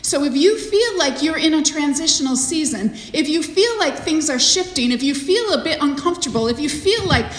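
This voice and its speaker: A woman preaching as a visiting speaker, chatty and animated, with many fillers. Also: sits high, normal speed, hardly any pauses. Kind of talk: sermon. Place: large cold church hall. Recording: echoey hall from a distance.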